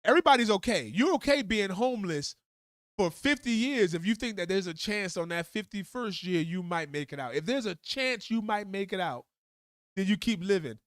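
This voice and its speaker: High voiced guy ranting live, blunt and heated, lots of cussing, dry close sound. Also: expressive, moderate pace, fairly bright tone, no echo. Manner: blunt, heated, swears often. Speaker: livestream host. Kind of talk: profane live commentary rant.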